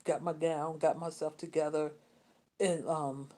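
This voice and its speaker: A woman, telling a personal story in a rambling, repetitive way with many restarts and pauses. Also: low-pitched, flat delivery, dark tone. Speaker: vlogger.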